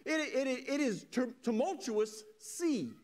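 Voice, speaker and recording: A male preacher giving a sermon, telling a scripture story with animated delivery and reading verses slowly and solemnly. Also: very high-pitched. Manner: animated storytelling, voices quoted characters.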